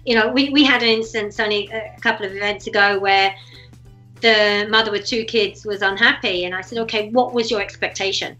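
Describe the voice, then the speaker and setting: Bright-voiced woman, chatty event organiser. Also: medium pitch, fairly even intonation, fairly quick, lo-fi sound, faint music behind. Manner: chatty, self-mocking, acts out quotes. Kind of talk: casual interview chat.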